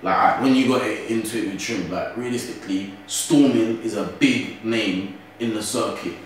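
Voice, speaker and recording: A man's voice: lowish voice, moderate pace, a little hiss or hum. A young man with a London accent, a grime MC talking casually in an interview and often asking "you get what I'm saying?". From Britain. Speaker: grime MC guest. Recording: roomy echo from a distant mic.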